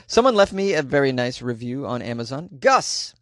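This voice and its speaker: A man's voice: mid-range voice, animated, unhurried, dry recording, studio quality. A man hosting a comedy news podcast, reading odd stories with wry, jokey asides. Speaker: podcast host.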